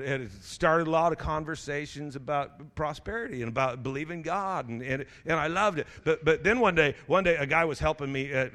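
A man's voice: a little high, pushed and bright. A middle-aged male pastor preaching a sermon in a church, telling stories in a loose, conversational way with many restarts and calling out to the congregation. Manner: conversational storytelling with frequent restarts and stammers; preacher's call-outs to the congregation.

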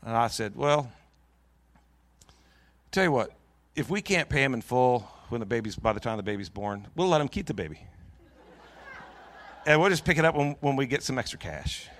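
A middle-aged man preaching in a church, telling a long personal story in a jokey, lively way with many restarts. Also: mid-range voice, normal speed, long pauses. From Pacific Northwest of the US. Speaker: pastor. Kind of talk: storytelling sermon.

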